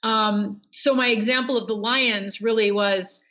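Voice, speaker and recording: Middle-aged woman guest, chatty and filler-heavy, bright tone on muffled radio audio. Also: on the high side, fairly even intonation, a little slow. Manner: chatty, lots of fillers, laughs often. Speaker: guest author. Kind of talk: casual radio interview.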